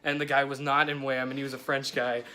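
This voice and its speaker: A man's voice: mid-range voice, flat delivery, fast talker, sharp tone, a little hiss or hum. A young man narrating a casual travel vlog from a hotel room, telling rambling, jokey stories. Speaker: vlogger.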